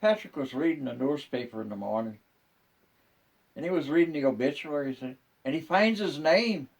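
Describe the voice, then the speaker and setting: An older man, a grandfather, telling jokes in an unhurried, folksy storytelling way. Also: a little high, animated, creaky, slightly rough, distant mic. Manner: unhurried, folksy joke delivery.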